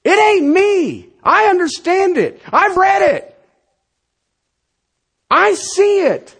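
A middle-aged man preaching a sermon as a pastor, emphatic, swinging between loud declarations and quiet asides. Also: very high voice, very animated, takes it slowly.

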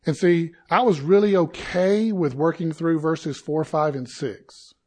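A man preaching a sermon to his congregation, slow and deliberate, with dramatic pauses and sudden rises in intensity. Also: a little high, fairly even intonation, darkish tone. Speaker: pastor.

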